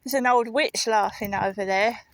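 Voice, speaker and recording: A woman's voice: a little high, moderate pace, a bit bright, no echo, rough recording. Woman rambling to her camera on a dog walk, dry close sound, swears a bit. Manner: rambling, muttered asides with swearing. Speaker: vlogger. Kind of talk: casual walking vlog commentary. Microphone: handheld camera while walking.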